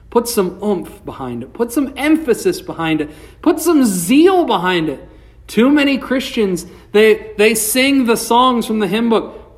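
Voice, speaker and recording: A male pastor delivers a sermon at an unhurried, deliberate pace. His preaching swells with passion and then sinks low, and he reads scripture aloud between points. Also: big pitch swings. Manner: impassioned preaching, rising and falling.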